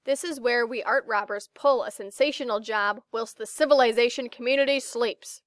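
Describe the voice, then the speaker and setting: A woman's voice: a little high, normal speed, dry recording, studio quality, lightly acted. A woman reading the lines of a bumbling male art thief in a storybook. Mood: boastful.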